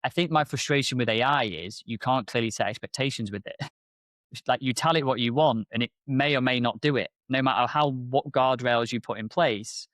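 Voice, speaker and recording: Animated man on a podcast. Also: fairly quick, no echo, studio quality. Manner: animated storyteller, acts out exchanges with rising pitch. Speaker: podcast co-host, MSP business owner. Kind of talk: casual podcast chat.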